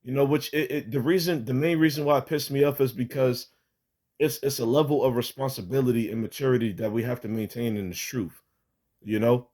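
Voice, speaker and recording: A man's voice: mid-range voice, fairly even intonation, a little fast, darkish tone. A young man giving a casual spoken religious testimony, rambling with many fillers, restarts and casual swearing.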